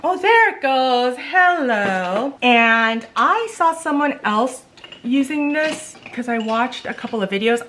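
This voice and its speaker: A woman's voice: a little high, fairly bright tone. A woman beauty vlogger in a casual makeup try-on vlog, chatty and exasperated, talking straight to her viewers.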